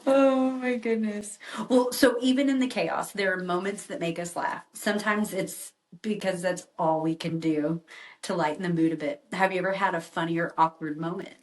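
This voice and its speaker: A woman hosting a podcast interview, asking gentle questions and affirming her guest supportively. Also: on the low side, fairly even intonation, moderate pace. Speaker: podcast host. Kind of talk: casual interview chat.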